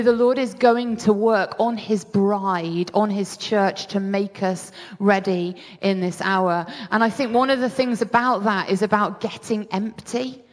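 A British woman delivers a sermon in an earnest, conversational tone, circling back and restarting her phrases as she goes. Her voice sits at an ordinary middle pitch for a woman. It carries a long reverb, as if spoken in a large hall. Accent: British English. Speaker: preacher.

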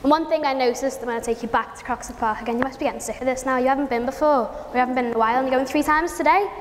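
A woman's voice: high-pitched, racing. A woman preaching a sermon in a conversational, informal way. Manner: conversational and informal, with some restarts. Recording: long hall reverb with faint noise.

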